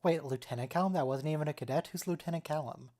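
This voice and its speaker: A woman with a very low voice joins a casual chat over a voice call. She drops short, dry, sardonic remarks. Her delivery is deadpan. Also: quick pace. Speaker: watch-along participant. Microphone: computer mic on a voice call.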